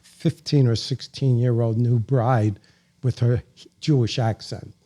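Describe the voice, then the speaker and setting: New York man, mellow, wry guest storyteller. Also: mid-range voice, steady tone, a little slow. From New York, Bronx. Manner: leisurely, chatty storyteller, wry humor. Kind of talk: casual interview chat.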